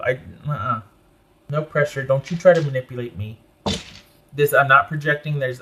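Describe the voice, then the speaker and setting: A man's voice: medium pitch, bright, forceful tone. A man giving a tarot reading to his viewers, talking emphatically and repeating phrases in an indignant, protective tone. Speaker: tarot reader.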